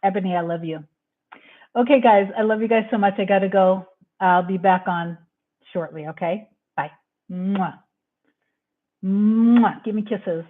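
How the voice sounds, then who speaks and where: A woman's voice: mid-range voice, moderate pace. A woman coaching on a casual live-stream Q&A, talking in a rambling, effusive and heartfelt way. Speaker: manifestation coach. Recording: tinny phone-like audio.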